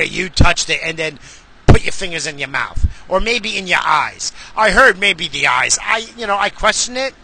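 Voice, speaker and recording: Sharp-voiced ranting man, swearing hard. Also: high-pitched, slight background noise. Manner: heated, swearing, bursts into shouts. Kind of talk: profane comedic rant.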